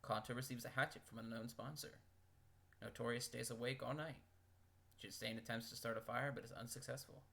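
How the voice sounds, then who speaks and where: A man's voice: medium pitch, fairly even intonation, a little fast, gravelly, pushed and bright. A man reading out game events and making wry, joking comments between them, as a video host. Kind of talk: casual commentary.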